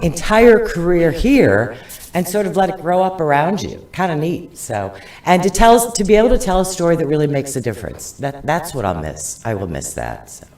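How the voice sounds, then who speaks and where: A woman's voice: low voice, sing-song, moderate pace, darkish tone. Older woman in an echoey chamber, far from the mic. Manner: chatty, laughing, self-mocking. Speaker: retiring TV reporter. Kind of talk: farewell remarks at a council meeting. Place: large council chamber.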